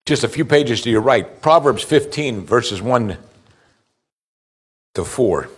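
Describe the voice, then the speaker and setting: A man's voice: mid-range voice, expressive, takes it slowly, breathy edge. A middle-aged pastor preaching a sermon, reading scripture aloud and putting pointed questions to his listeners. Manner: asks the congregation pointed questions; reads scripture aloud between remarks.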